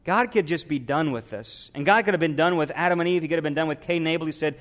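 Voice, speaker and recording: A man's voice: a little high, fast, a bit bright. A man, a pastor, preaching a sermon and asking his congregation questions.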